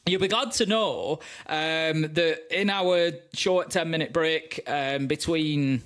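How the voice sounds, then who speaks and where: A man with a Northern English accent chatting between maps as an esports caster. He rambles and hedges, often pausing on fillers, in a slightly higher voice. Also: fairly bright tone. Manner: rambling, hesitant, many fillers. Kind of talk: casual banter between maps.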